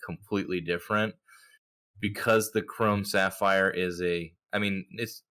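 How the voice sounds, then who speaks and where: A man co-hosting a casual hobby podcast, talking in an animated, joking, opinionated way. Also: low voice, unhurried, smooth. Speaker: podcast co-host.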